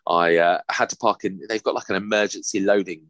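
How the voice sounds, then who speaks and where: A young man, casually telling a lively, sweary story on a podcast. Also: low voice, a little fast, no echo. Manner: animated, sweary, laughing anecdote-telling. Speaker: podcast host.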